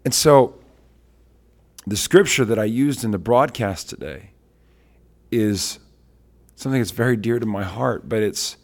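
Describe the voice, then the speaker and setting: A middle-aged evangelist man tells stories in a lowish voice on a faith talk show. He is animated and brings the people in his stories to life, switching between them as he goes. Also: measured pace, pauses often. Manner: animated storyteller, acts out quotes. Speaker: traveling worship leader and evangelist.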